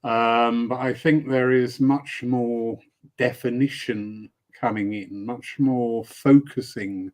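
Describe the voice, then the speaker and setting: A man's voice: medium pitch, fairly even intonation, slow pace, a little mellow. A man hosting a casual live-stream chat, a spiritualist service leader who talks in a rambling way with playful asides. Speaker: host.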